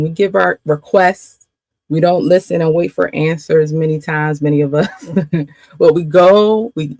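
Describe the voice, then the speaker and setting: A woman's voice: lowish voice, creaky, no room sound. A woman faith coach giving a spirited teaching, repeating phrases for emphasis and laughing often.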